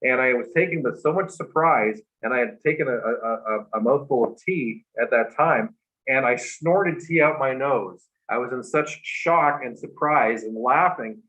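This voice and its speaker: A man, a guest on a livestream talk show, telling a personal story in a halting, earnest way with many restarts, over a video call. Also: medium pitch, a bit bright. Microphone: remote video call. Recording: muffled livestream audio.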